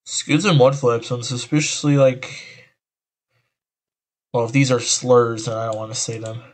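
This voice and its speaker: Reading an article aloud via a voice changer, an online commentator sighs repeatedly and rambles through his exasperated reactions. He talks unhurriedly at medium pitch, with little movement in his pitch.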